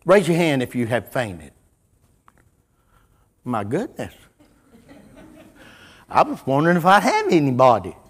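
A middle-aged man, preaching a folksy sermon full of stories, dropping to a hush and then rising loud. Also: medium pitch, wildly swooping pitch, unhurried, long pauses. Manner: folksy, storytelling, wide swings from hushed to loud.

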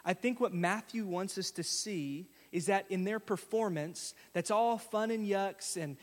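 Male pastor, conversational sermon, tells stories, asks the crowd, higher voice, long church reverb. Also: a little slow. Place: church sanctuary.

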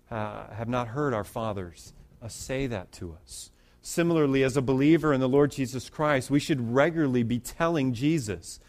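A man's voice: medium pitch, darkish tone. A man pastor preaching through a Bible passage in a conversational way, with restarts and rising emphasis. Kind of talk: expository sermon.

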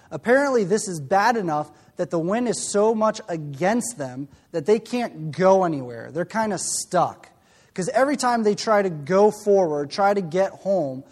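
A man's voice: on the high side, a little mellow. A man preaching a sermon in a conversational way, often asking the listeners questions.

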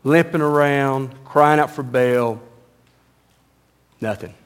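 A male pastor preaching a sermon, reading scripture and explaining it conversationally, swinging from loud and high to low and quiet. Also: slow, smooth. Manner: animated, rising loud and high when mocking, dropping low and quiet on solemn lines; reads scripture aloud, then explains it conversationally.

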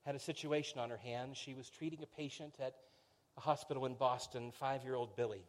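A middle-aged man preaching a sermon in a conversational storytelling way, often repeating words as he starts a phrase and sinking low and quiet on solemn lines. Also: steady tone, brisk. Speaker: pastor.

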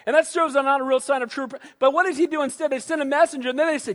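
A man preaching a sermon, animated, who acts out quoted voices and calls for amens. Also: very high-pitched, racing, hardly any pauses. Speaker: pastor. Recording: long hall reverb.

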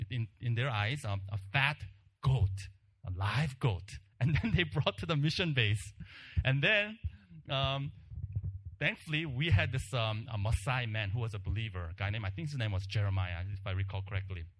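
A man preaching a sermon, telling a personal story in an animated way and acting out the crowd's shouts, then dropping to a hushed voice for emphasis. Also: medium pitch, normal speed, a little hiss or hum.

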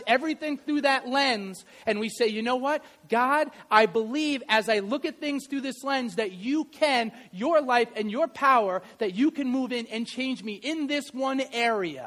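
A middle-aged man preaching a sermon, telling stories in a lively way and swinging from loud to quiet. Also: very high-pitched. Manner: animated storytelling, varies loudness widely. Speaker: pastor and history teacher.

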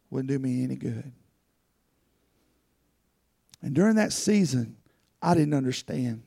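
A man's voice: on the high side, sing-song, moderate pace, creaky, dark tone, slightly rough, no room sound, clean studio sound. A man preaching a sermon as pastor, telling personal stories earnestly and rising into fervent pleading.

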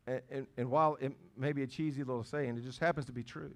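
A man's voice: medium pitch, quick pace, hardly any pauses. Middle-aged man preaching emphatically. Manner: conversational preaching with stammered restarts; emphatic, repeating phrases for stress. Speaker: pastor. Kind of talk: sermon.

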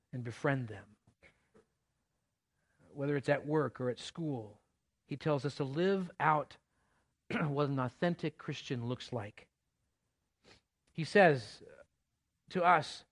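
Man preaching a lively conversational sermon. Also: fairly high pitch. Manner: conversational preaching with playful asides. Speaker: pastor. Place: church.

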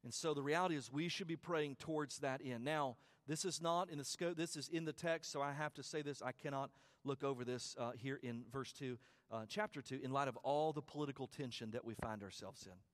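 A male pastor preaches in a medium-pitched voice, going a little fast. At the peaks he turns emphatic, repeating phrases with rising calls, while his conversational asides are chatty and full of stumbles and restarts.

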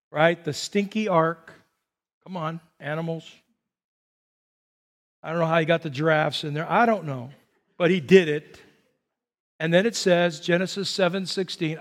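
Man, high voice, pastor, sermon in church, conversational, joking asides. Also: long reverb tail. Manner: conversational preaching with asides and humor. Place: church sanctuary.

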